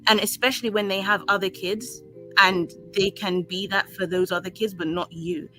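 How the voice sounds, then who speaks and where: A panel speaker with a bright, sharp voice of middle pitch, thinking aloud and explaining with frequent filler words. Soft music sits faintly underneath. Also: steady tone, normal speed, rough recording. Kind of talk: casual panel discussion.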